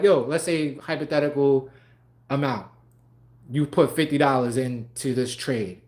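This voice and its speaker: Animated, profane young man streaming live. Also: a little high. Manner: animated, profane, laughs often. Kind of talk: casual livestream talk.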